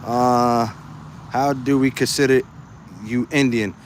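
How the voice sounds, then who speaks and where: A man's voice: mid-range voice, steady tone, takes it slowly, a little hiss or hum. A man chatting casually on a livestream, reading viewer comments, laughing often and repeating phrases as he talks. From United States. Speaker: livestream host.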